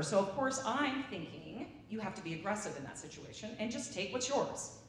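A woman's voice: mid-range voice, a little fast, slight background noise. A woman sharing a rambling anecdote with a gathering, acting out the voices of the people in it. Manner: rambling, animated, acts out the voices she quotes. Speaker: speaker sharing a story at a gathering. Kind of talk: casual anecdotal storytelling. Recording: echoey room from a distance.

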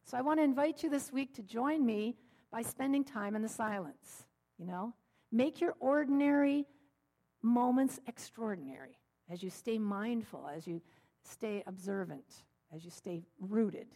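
A middle-aged woman minister giving a sermon, telling stories with gentle humor. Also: a little high, a little slow. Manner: warm storytelling with gentle humor.

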